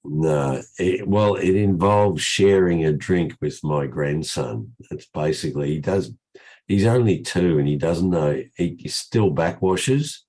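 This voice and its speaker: An older man with a croaky voice from a cold, hosting a casual trading session over a video call, chatty and rambling with frequent restarts. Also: low voice, unhurried, a little mellow.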